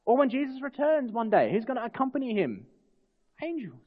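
A man's voice: very high-pitched, very animated, fairly quick. A man preaching a sermon as pastor, earnest and putting rhetorical questions to his congregation. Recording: long hall reverb, dull lo-fi sound.

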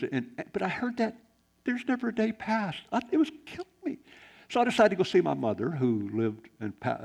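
Gravelly-voiced preacher. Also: male voice, mid-range voice. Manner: animated preaching, swings from loud exclamations to hushed quiet. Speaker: pastor. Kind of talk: sermon.

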